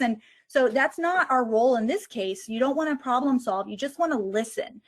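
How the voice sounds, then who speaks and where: Higher-voiced woman explaining step by step. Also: animated, moderate pace, hardly any pauses. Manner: explanatory, models conversations step by step. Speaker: conference presenter on physician well-being. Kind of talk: online lecture.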